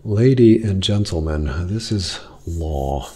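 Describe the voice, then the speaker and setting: A man reading the lines of a formal, commanding wealthy father who speaks stiffly and in measured phrases. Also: sits low, lively intonation, a little mellow, husky, heavily acted. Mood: stern.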